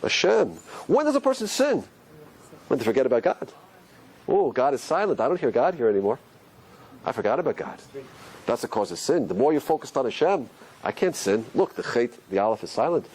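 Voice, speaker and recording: Animated man teaching Hebrew letters. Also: medium pitch, brisk, slight background noise. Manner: questioning, rhetorical, animated. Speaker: Torah teacher.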